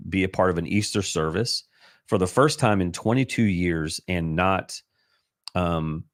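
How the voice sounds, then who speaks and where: A man's voice: low voice, dry recording, studio quality. A middle-aged man hosting a casual devotional livestream, talking in an earnest, emotional way with many restarts and fillers. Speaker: livestream host. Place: home livestream. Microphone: computer livestream mic.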